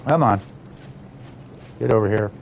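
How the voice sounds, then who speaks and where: A man's voice: lowish voice, a little slow, gravelly, a little hiss or hum. Exasperated man swearing at a video game. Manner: frustrated, swearing, muttering at the game. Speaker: livestreamer. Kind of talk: live gameplay commentary.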